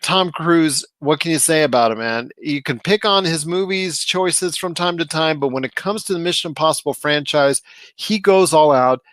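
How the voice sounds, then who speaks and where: A man's voice: fairly high pitch, a bit bright, dry recording. A man co-hosting a podcast, chatting casually and enthusiastically about movies he loved. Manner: enthusiastic, emphatic, drawn-out phrasing. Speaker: podcast co-host. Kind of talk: casual movie review chat.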